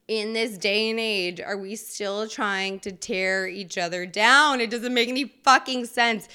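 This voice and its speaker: A woman in her thirties hosting a solo podcast, ranting in a fast, profane, animated way. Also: medium pitch, clean tone. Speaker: podcast host.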